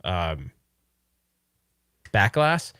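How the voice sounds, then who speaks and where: A man's voice: deep voice, sing-song, very slow, fairly bright tone, smooth, dry recording, clean studio sound. A man co-hosting a casual livestream about retro arcade gear, rambling with lots of restarts and laughs.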